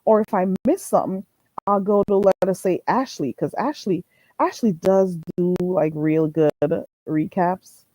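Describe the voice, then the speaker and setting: A woman hosting a casual livestream, chatting and telling stories in an animated, gossipy way and reading viewer comments. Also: on the low side, no room sound, poor audio. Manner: animated gossipy storytelling, quick laughs. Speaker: livestream host.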